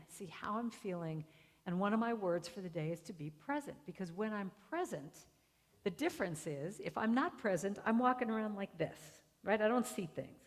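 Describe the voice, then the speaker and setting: A middle-aged woman giving a storytelling sermon at a spiritual center, acting out the voices of people in her stories. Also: mid-range voice. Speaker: guest speaker. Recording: long hall reverb.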